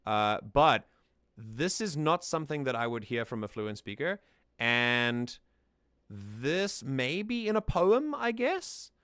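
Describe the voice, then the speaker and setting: A man's voice: medium pitch, sing-song, takes it slowly, fairly bright tone, clear, resonant tone, no echo, clean studio sound. A man hosting a casual music analysis, explaining thoughtfully and often restarting his sentences. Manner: sings lines back to demonstrate. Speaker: music reaction host.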